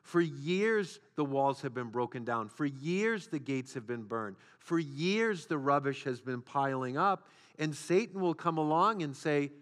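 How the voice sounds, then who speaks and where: A man's voice: a little high, expressive, a little slow, hardly any pauses, fairly bright tone. A man preaching a sermon as a pastor, with repeated phrases and rhetorical questions. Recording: long hall reverb.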